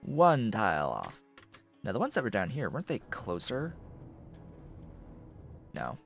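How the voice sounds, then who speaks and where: A man's voice: fairly low pitch, huge pitch swings, unhurried, gravelly, faint music behind. A man streaming a building game, thinking aloud in casual commentary as he works.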